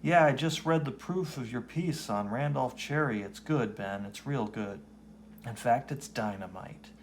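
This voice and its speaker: A man voicing a gruff, cautious middle-aged newspaper editor warning a reporter, in a comic reading. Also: medium pitch, unhurried, a little hiss or hum, lightly acted. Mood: stern. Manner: gruff, blunt.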